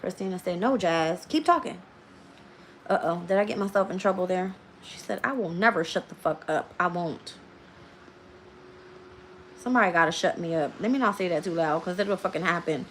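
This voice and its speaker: A woman's voice: fairly low pitch, normal speed, a bit bright. A woman reads tarot on a casual live stream and talks straight to her viewers. She speaks loosely with slang, laughs often and swears freely. A faint noise sits under her voice.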